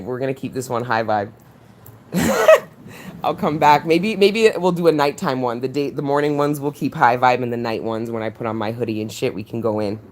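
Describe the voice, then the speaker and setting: A woman chatting casually on a livestream while she walks home outdoors. She talks warmly to her viewers and reads their comments aloud. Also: extremely low pitch. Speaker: spiritual coach and retreat host. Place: outdoors walking by water.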